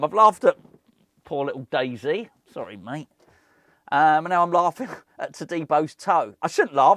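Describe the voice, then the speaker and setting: A man's voice: a little high, no echo, clean studio sound. A man hosting a football fan channel, rambling in casual chat to camera, laughing often and poking fun at himself.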